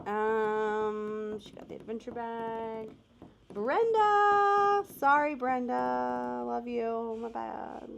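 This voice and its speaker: A woman's voice: a little high, very slow, gravelly, lo-fi sound, faint music behind. An American woman co-hosting a live giveaway stream, bubbly and laughing often, calling out the winners. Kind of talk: casual live-stream chat.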